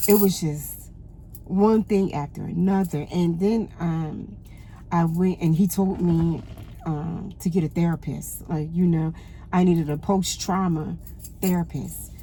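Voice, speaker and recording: Woman vlogger, mellow and rambling, emotional storytime, faint noise behind. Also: on the low side. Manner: rambling, restarts often, emotional. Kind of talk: casual storytime while dressing.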